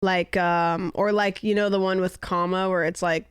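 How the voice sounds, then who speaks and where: A woman's voice: on the low side, sing-song, moderate pace, smooth, dry recording, studio quality. A young woman streamer in casual chat, rambling and musing aloud with lots of "like" fillers.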